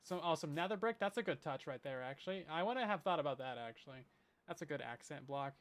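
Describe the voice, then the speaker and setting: Animated and quick, this Minecraft streamer talks in a slightly high, somewhat bright voice. He plays a survival game on stream and keeps up a rambling, self-deprecating running commentary.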